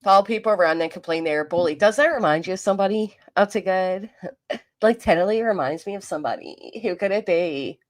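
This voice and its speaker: A woman with a South Jersey accent near Philadelphia hosts a casual live stream. She is blunt and mocking, swears freely, and reads her chat aloud between rants. Her voice sits at an ordinary middle pitch. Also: fairly quick. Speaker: commentary streamer.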